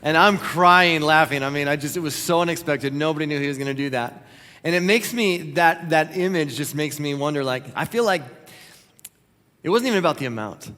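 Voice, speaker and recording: A man preaching a sermon in an earnest, conversational way, slipping into quoted prayers as he talks. His voice sits a little high. Long reverb from a church hall trails behind him. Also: fairly quick, sharp tone. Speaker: pastor. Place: church auditorium.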